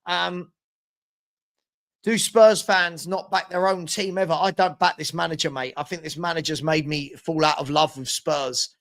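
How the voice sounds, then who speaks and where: A young man with a noticeably high-pitched voice hosts a live football watchalong. He talks in a loose, chatty way, reading out viewer comments and answering them off the cuff. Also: fairly even intonation, moderate pace, fairly bright tone. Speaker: watchalong host. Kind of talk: casual live-stream chat.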